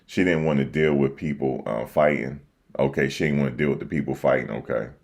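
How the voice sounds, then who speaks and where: An East Coast man with a bass voice talks a little fast into a desk microphone, hosting a laid-back livestream. He reacts to election results in repetitive, slangy chat.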